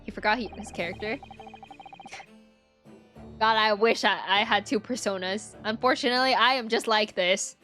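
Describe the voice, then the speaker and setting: Excitable young woman streaming a game. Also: medium pitch, normal speed, pauses often. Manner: excitable, exclamatory. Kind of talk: live gameplay reaction. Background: faint game music.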